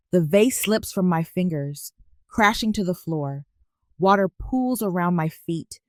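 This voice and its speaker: A woman reads a first-person story aloud as scripted narration, keeping an even, measured delivery. Her voice sits on the low side, and the recording is dry and close with no room sound. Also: no echo.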